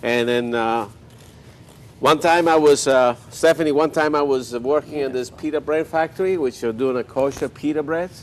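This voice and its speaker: A man's voice: fairly high pitch, normal speed, a little hiss or hum. An older man hosting a cooking show, chatting while he cooks and telling folksy stories with joking asides.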